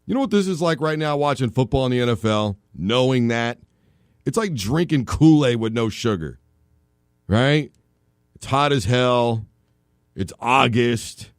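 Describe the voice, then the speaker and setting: Animated man hosting sports radio. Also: mid-range voice, a little slow, clean tone, no room sound, studio quality. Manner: animated, jokey, tells long comic analogies. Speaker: sports talk show host. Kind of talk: casual sports radio talk. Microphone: studio microphone.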